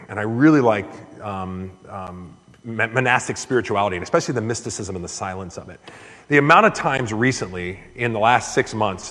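Male pastor, mid-pitched voice, preaching with earnest build-ups, long hall reverb. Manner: earnest, surges louder and higher on key points. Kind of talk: sermon.

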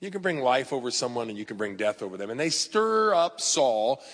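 A man's voice: medium pitch, big pitch swings, brisk, fairly bright tone. A male pastor preaching a sermon in a conversational, storytelling way, talking straight to his congregation. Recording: long hall reverb.

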